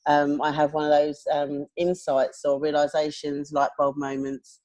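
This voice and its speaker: Low-voiced woman co-hosting a podcast. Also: flat delivery, measured pace, a little mellow. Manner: candid, reflective, laughs often. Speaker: podcast co-host. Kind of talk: casual chat.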